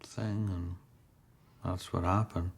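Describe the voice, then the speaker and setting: A man's voice: low-pitched, steady tone, slow, vocal fry, husky. A man being interviewed about his own violent act, giving short, withdrawn answers.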